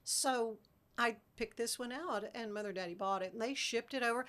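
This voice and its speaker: A woman in her sixties hosts a relaxed tea-party chat on a talk show. She tells stories in a chatty way and laughs easily. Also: fairly high pitch, normal speed. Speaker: host. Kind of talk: casual chat.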